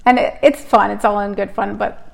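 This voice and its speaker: A woman's voice: medium pitch, fairly even intonation, moderate pace, creaky. A woman hosting a spiritual live stream, telling stories and reading oracle cards in an upbeat, chatty way. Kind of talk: casual live stream chat and card reading.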